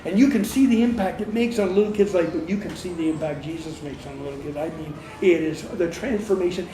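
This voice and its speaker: A man's voice: high-pitched, a little mellow. Earnest man in an echoey room. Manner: earnest, emphatic, repeats himself for stress. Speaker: missionary. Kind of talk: interview. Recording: echoey room, faint noise.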